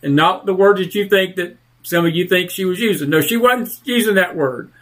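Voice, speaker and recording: On talk radio, a male host rants through heated political commentary, fired up and stretching out words for emphasis. His voice sits high and a bit bright.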